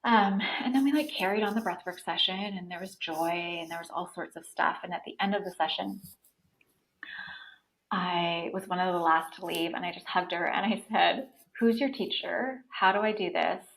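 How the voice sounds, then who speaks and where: A woman in her thirties telling her own story as a podcast guest, in an animated, casual way, with many "like" fillers. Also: fairly low pitch, normal speed, vocal fry, poor audio. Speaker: podcast guest, breathwork facilitator.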